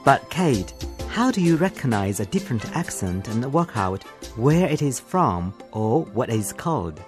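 A man's voice: medium pitch, very animated, normal speed, soft background music. A man co-presenting a language programme, asking curious questions and summing up for learners. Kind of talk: scripted educational presenting.

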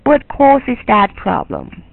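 A woman with a Chinese accent teaches English in a bilingual lecture, repeating phrases and quizzing her students. Her voice is a little husky. It comes through a dry, tinny, phone-like line. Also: a little high, huge pitch swings, takes it slowly, dry recording. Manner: repeats and restarts phrases, asks the class questions. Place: online lecture.

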